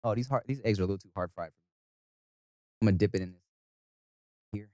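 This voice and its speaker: A man's voice: fairly low pitch, quick pace, dark tone, clean tone, dry recording, clean studio sound. A man hosting a casual food podcast, joking crudely, laughing often and talking through mouthfuls. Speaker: podcast host.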